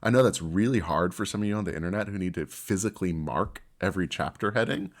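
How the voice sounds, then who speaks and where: A young man with a very low, deep voice co-hosts a casual podcast. He reads silly passages aloud in a deadpan, mock-dramatic way and often laughs. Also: quick pace. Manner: laughs while reading, deadpan dramatic delivery. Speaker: podcast co-host. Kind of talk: casual podcast chat, reading fanfic aloud.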